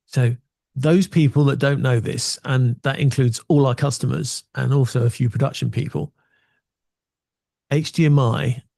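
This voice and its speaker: Guy with a gravelly fry explaining tech stuff, kinda high voice, dry close mic. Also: dark tone, dry recording. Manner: chatty, self-deprecating, explains with acted examples.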